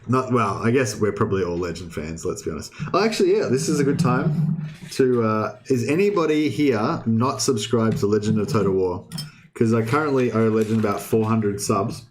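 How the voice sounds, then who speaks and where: A young man chats casually with his stream viewers, rambling, often restarting sentences and swearing. His voice is lowish with lively intonation at a moderate pace, and there's slight background noise.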